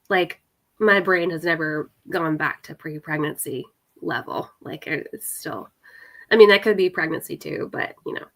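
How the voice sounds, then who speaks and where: On a casual video call with friends, a young adult woman taking part in a readathon chats in a lowish, slightly bright voice, her talk full of fillers and laughter.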